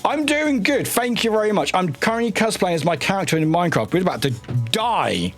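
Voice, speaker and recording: A man chatting casually on a live stream, excitable and often laughing and swearing. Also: sits high, brisk, soft background music.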